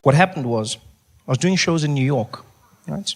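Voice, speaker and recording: Animated South African stand-up comic. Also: male voice, on the high side, normal speed. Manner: animated, dropping into a hushed voice for bits. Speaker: stand-up comedian. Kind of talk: stand-up storytelling.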